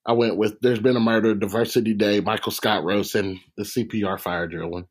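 A man in casual chat, laughing a lot and quoting sitcom lines with animated delivery. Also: on the low side, brisk, breathy edge.

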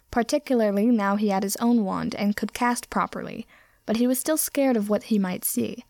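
A woman reading fan fiction aloud in a steady, plain storytelling manner. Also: mid-range voice, creaky, dry recording, studio quality. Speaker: reader.

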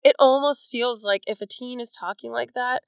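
A woman's voice: a little high, moderate pace, gravelly, clear, resonant tone, dry recording. A woman co-hosting a casual book chat, talking in a chatty way full of "like" and "you know". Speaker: podcast co-host.

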